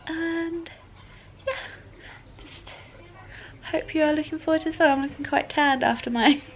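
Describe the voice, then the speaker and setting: A woman's voice: high voice, normal speed, a little hiss or hum. A woman in her thirties from the UK, chatting casually to camera in a vlog from her couch at home, giggling as she goes. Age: 30s. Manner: chatty, giggly, often laughing. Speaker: vlogger.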